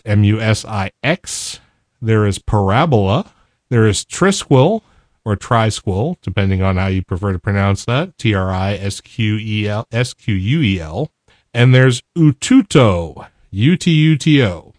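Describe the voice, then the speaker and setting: Podcast co-host, man, low voice, casual and easygoing, dry studio sound. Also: no echo. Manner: relaxed, spells out names letter by letter. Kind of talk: casual tech podcast talk.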